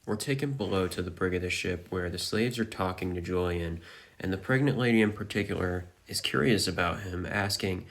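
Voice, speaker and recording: A man's voice: low-pitched, fairly quick, a bit bright. A man narrating a dramatic recap of a manga chapter.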